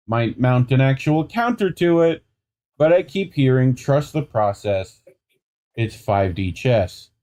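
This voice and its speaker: A man's voice: fairly high pitch, a little mellow. A young adult man co-hosting an independent news show, reading stories aloud and breaking off into sarcastic, riffing asides. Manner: sarcastic, riffing asides between quoted passages. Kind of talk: casual commentary reading news items.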